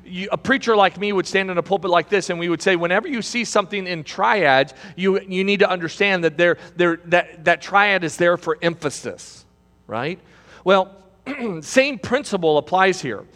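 A man preaching a sermon from a pulpit. He swings between loud, high exclamations and low, quiet passages, and he repeats phrases. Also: expressive, moderate pace. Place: church sanctuary. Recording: long hall reverb.

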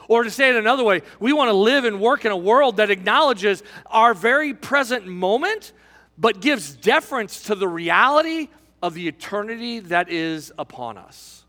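A man preaching a sermon as pastor, impassioned and rising, then dropping to a hush for key lines. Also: high voice, expressive, moderate pace. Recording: large hall with long reverb.

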